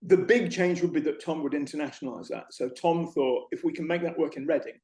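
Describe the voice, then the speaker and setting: A middle-aged man, a guest in an interview, telling animated stories and acting out shop conversations. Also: on the high side, a little fast. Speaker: interview guest, former retail manager. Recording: echoey room.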